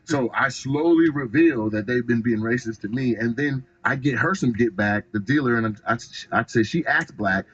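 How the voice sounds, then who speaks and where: A man's voice: medium pitch, moderate pace, hardly any pauses, breathy edge, lo-fi sound. A young adult man from Tacoma, Washington, a stand-up comedian telling stories in a casual interview, acting out quotes. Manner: animated storytelling, acts out quotes.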